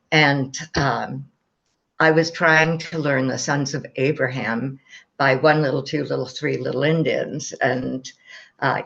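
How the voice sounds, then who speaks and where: A woman's voice: extremely low pitch, vocal fry, a bit bright. An older woman telling a personal story in a rambling, casual way, with many fillers and a wry sense of humor. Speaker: guest telling her near-death experience. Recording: slightly dull, muffled sound.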